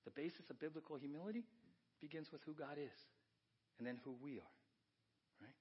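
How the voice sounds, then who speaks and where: Husky-voiced man preaching a lively sermon. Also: fairly high pitch, fairly quick, highs cut off. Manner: lively, conversational preaching with frequent rhetorical questions. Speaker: pastor. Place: church.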